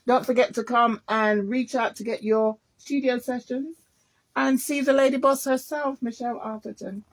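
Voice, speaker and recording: A woman with a British accent hosting a casual studio interview, effusive and excitable. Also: on the high side, normal speed, rough recording. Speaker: radio host.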